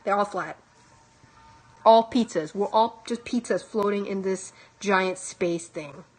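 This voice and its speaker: A woman's voice: medium pitch, slow pace. A young woman chatting casually and comically on a live stream, reading and answering audience comments and laughing often. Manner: joking, animated, laughs often. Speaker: vlogger reacting to audience chat.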